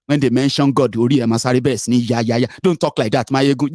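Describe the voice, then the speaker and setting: In a clean, dry studio recording, a Nigerian-accented political commentator races through a scornful monologue of rhetorical questions, switching between English, Pidgin and Yoruba. His voice is medium-pitched and a little mellow, with fairly even intonation.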